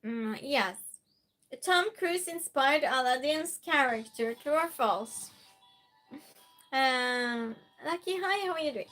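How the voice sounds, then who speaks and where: A woman hosts a relaxed live-stream quiz. Her voice sits high and sounds bright and clear. She talks slowly, greets viewers one by one and reads their messages aloud, with faint music playing behind her. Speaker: streamer hosting a chat game. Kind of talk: casual live-stream chat.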